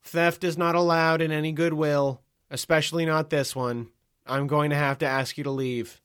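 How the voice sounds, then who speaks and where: A man voicing an unflappable female store clerk who speaks calmly, formally and deadpan. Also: fairly high pitch, normal speed, clean tone, natural voice. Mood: deadpan stern.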